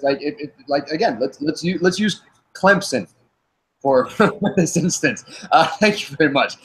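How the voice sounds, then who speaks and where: A man's voice: medium pitch, low-quality recording. A man with a northern New Jersey accent, leading a casual panel debate, asking long questions with frequent restarts. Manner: stumbling restarts, animated questioning.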